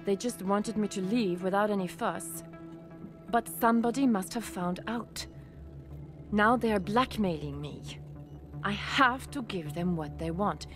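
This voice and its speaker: A woman's voice: mid-range voice, lightly acted. An actress playing a woman doctor who runs a clinic, anxious and earnest, with an accent. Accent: foreign-sounding accent. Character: woman doctor running a clinic, worried and blackmailed.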